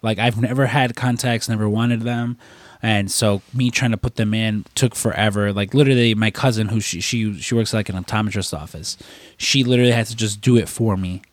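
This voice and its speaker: A man's voice: fairly low pitch, steady tone, a little fast, dry recording. A man co-hosting a podcast, telling a rambling story in casual chat and swearing freely. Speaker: podcast co-host.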